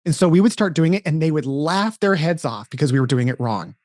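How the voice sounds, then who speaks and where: A middle-aged man talks in an earnest, storytelling way, his voice sitting a bit high for a man. He often backs up and restarts his sentences. The sound is dry and close. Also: expressive, brisk, darkish tone, dry recording. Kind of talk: casual interview chat.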